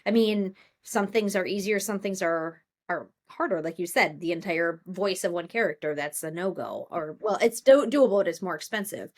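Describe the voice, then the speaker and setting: A woman's voice: lowish voice, animated, moderate pace, few pauses. Chatty woman co-host thinking aloud. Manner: rambling, thinks aloud with many fillers and restarts. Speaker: podcast co-host. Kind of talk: casual podcast chat.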